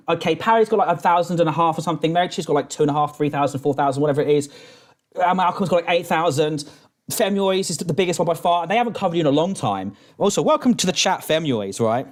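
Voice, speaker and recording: A man ranting at a video on a live stream, his fairly high voice swinging widely in pitch. He swears constantly and keeps restarting his sentences as he drinks. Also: a little mellow. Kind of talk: profane reaction rant.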